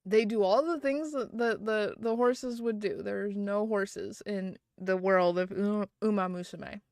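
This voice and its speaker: Here the same kind of home live-stream chat comes through a close desk mic, her mid-pitched voice dry and intimate with no room sound at all. Her tone stays steady, a little slow and a little mellow, as she rambles cheerfully with plenty of "like" and "um" and frequent giggles.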